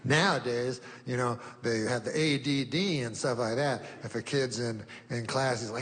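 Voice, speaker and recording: A man doing stand-up comedy, with a deadpan, rambling delivery. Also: mid-range voice, moderate pace, hardly any pauses. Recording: reverberant club hall, faint noise.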